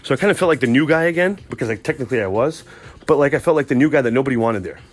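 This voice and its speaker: A man hosting a podcast, telling a rambling, profane, excitable comic story from work. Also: medium pitch, very fast, soft background music. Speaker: podcast host. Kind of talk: casual comic storytelling monologue.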